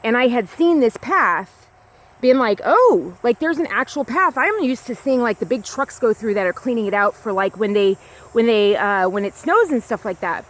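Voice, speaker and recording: A woman's voice: a little high, animated, normal speed, fairly bright tone. A woman talking to a small camera outdoors on a grassy hill, in a rambling casual monologue full of "like" and restarts. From United States. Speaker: vlogger.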